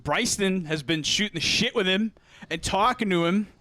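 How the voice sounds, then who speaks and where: A man's voice: sits high, normal speed, no room sound. A young man co-hosting a podcast, telling a story in casual chat and acting out the people in it, laughing often. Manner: animated storyteller, acts out quoted voices, laughs often. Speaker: podcast co-host.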